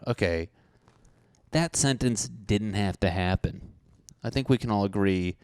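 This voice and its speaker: Young guy ranting and cursing on his podcast, lowish voice, dry close mic. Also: measured pace, long pauses, clean tone, no echo. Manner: profane, animated ranting with mocking voices. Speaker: podcast host. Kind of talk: solo comedic rant.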